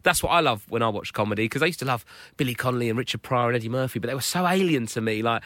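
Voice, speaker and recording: A man in his thirties, a comedian chatting in an interview, telling animated stories and acting out quotes. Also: mid-range voice, very fast, no room sound. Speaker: comedian guest. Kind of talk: casual interview chat.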